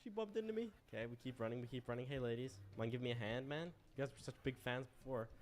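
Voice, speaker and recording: A man's voice: medium pitch, rapid-fire. A young man streaming a game, commenting in a playful, teasing, mischievous way as he plays. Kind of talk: casual gameplay commentary.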